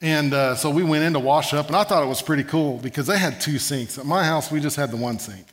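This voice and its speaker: Man, preacher, sermon, lively funny storytelling, fairly high voice. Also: fast. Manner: animated, humorous storytelling with call-and-response.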